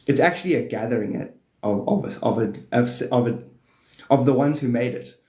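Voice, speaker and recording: Host, male, gravelly rambling spiritual talk, echoey room sound. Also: normal speed. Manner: loose, playful, meandering, swings into high excited bursts. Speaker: livestream host. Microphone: phone or desk mic on a live stream.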